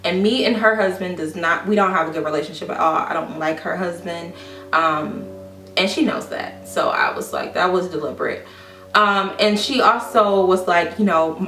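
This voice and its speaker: A woman vlogger casually telling a personal story to the camera, quoting people with lively, exaggerated voices. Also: fairly low pitch, normal speed, soft background music. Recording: echoey room, mic at a distance.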